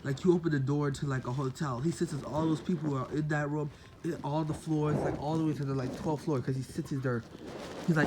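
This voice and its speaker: A man's voice: a little high, fairly even intonation, fairly quick, heavy background noise. Rambling man telling a story. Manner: rambling, full of "like" and "um", self-correcting. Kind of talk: casual retelling of a made-up crossover story.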